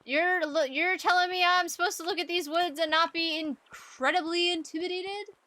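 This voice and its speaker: Playful woman streamer, bright, slightly high voice, dry close sound. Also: steady tone, moderate pace, dry recording. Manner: playful, giggly, reads game lines aloud. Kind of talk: casual game commentary.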